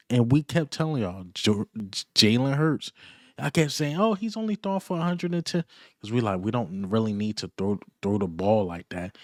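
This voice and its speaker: A man giving a casual, excited fan reaction rant, boastful and full of repeated punchlines and trash talk. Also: medium pitch, no echo, clean studio sound. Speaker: sports fan vlogger.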